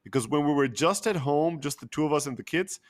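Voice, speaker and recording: A man's voice: a little high, fairly quick. Man, open and emotional, casual storyteller with fillers. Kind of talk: candid personal storytelling.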